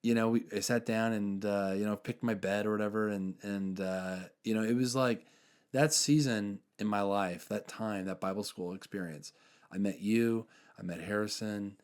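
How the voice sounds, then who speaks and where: A young man hosting a podcast, telling faith stories in earnest, casual chat with many fillers and soft trailing endings. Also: lowish voice, steady tone, normal speed, smooth. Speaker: podcast host.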